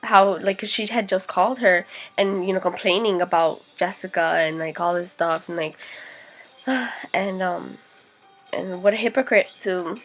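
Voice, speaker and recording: A woman's voice: medium pitch, fairly even intonation, unhurried, faint music behind. A young woman vlogging, venting frankly and indignantly about a hurtful situation, swearing freely. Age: young adult. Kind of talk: casual venting vlog.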